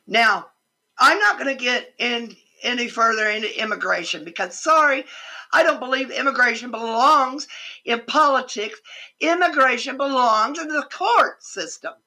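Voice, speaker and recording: Impassioned older woman, husky and high. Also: animated, normal speed, pushed and bright. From United States. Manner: impassioned, indignant, emphatic, swears. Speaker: vlogger. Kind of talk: political rant.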